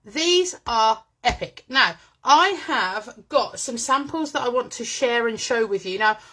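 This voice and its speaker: A woman's voice: fairly high pitch, animated, measured pace, pushed and bright. A woman hosting a chatty live-stream craft demo from home, bubbly and greeting viewers by name, talking into a phone. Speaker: craft presenter. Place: at home with her dogs.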